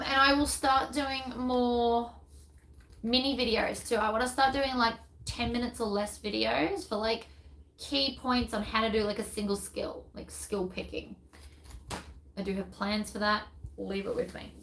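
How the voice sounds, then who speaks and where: A chatty woman hosts a casual live stream and thinks aloud as she goes. Her voice sits a little high. She rambles along, with plenty of ums and trailing half-thoughts. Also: a little slow, a bit bright, poor audio. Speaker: sewing pattern designer hosting a live stream.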